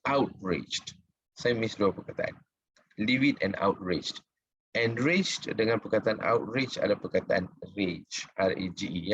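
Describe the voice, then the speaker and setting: A man's voice: fairly low pitch, husky, dry recording, low-quality recording. A man with a Malaysian English accent teaching vocabulary, mixing English and Malay and having listeners repeat words after him. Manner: mixes English and Malay mid-sentence. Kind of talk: bilingual vocabulary lesson.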